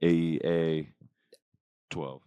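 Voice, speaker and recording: Man, extremely deep voice, laid-back podcast co-host, teasing, dry close sound. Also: steady tone, drawn-out words, mellow, clean tone, no room sound. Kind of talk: casual chat.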